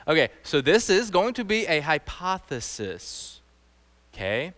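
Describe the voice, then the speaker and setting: Man, sermon, animated, talks to the crowd, slightly high pitch, reverberant hall. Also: measured pace. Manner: animated, conversational, quizzes the audience. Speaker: teacher.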